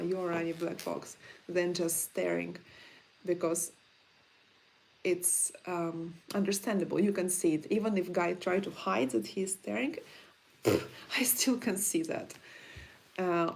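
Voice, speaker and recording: A woman's voice: fairly low pitch, creaky, a little hiss or hum. A woman with a Russian accent answering viewer questions in a casual livestream, blunt and frank in her chatty talk.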